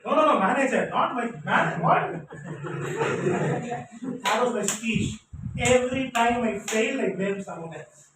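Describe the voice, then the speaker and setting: Brief: high-pitched Tamil-accented Indian man in his thirties, animated storyteller, heard from afar in a booming hall. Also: slow, long pauses. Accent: Tamil-influenced Indian English. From Chennai, India. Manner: animated, acts out cheering crowds and races, chuckles often. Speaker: Toastmasters speaker. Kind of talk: storytelling motivational speech. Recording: echoey hall, distant mic, faint hiss.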